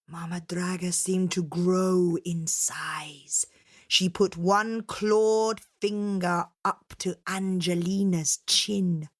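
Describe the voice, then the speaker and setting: A woman storyteller telling a fairytale to children in a dramatic, expressive way. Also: lowish voice. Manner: dramatic, unhurried, with voiced characters.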